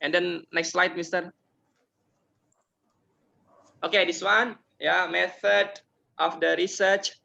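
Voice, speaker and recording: Halting young man presenting. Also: sits high, level tone, vocal fry, sharp tone. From Indonesia. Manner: hesitant, halting, many filler sounds. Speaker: university student defending a thesis. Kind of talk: formal academic presentation. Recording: dull lo-fi sound.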